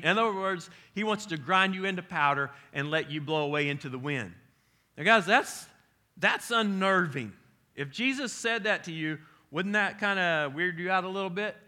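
Pastor guy preaching, chatty and animated, bright ringing voice. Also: sits high. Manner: animated, conversational preaching with rising emphasis. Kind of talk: sermon.

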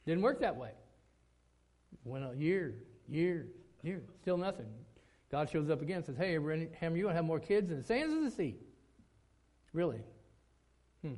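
A middle-aged man, a pastor preaching a sermon, telling a story that climbs to loud, emphatic peaks. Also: on the high side, big pitch swings, moderate pace, long pauses.

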